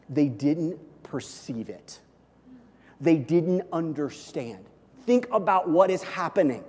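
Brief: male preacher, slightly high voice, animated and chatty, long church-hall reverb. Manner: animated, conversational, repeats "okay?" and "listen". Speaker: pastor. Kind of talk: sermon.

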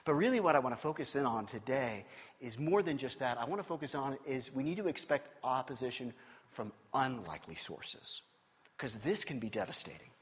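A male pastor preaching a sermon, swinging between loud emphatic bursts and low hushed passages. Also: lively intonation, brisk, breathy edge, long reverb tail.

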